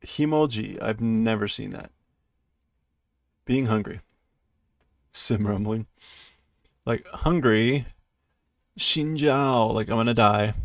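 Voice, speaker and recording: A man's voice: on the low side, slow pace, long pauses, no echo, studio quality. A man casually reading a comic aloud, translating as he goes and mimicking its sound effects with playful noises. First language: English. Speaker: streamer reading manga aloud. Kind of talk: casual read-through with translation.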